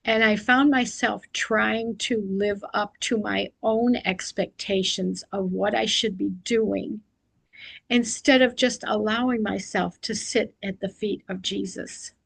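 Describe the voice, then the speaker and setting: A woman's voice: mid-range voice, steady tone, slow, gravelly, breathy edge, dry recording, poor audio. A middle-aged woman sharing a personal devotional reflection, speaking earnestly and confessionally, sometimes poking fun at herself. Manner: earnest and confessional, often self-deprecating.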